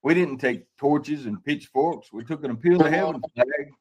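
A man co-hosting a political talk show, earnest, painting pictures with halting, repeated starts. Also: fairly high pitch, darkish tone, breathy edge. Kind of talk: casual political chat.

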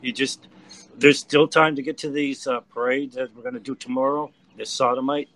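A man giving an earnest, halting testimony and urging listeners to get out and serve. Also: medium pitch, steady tone, fairly bright tone, rough recording. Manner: earnest, hesitant starts, urging. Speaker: volunteer guest. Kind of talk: exhorting testimony.

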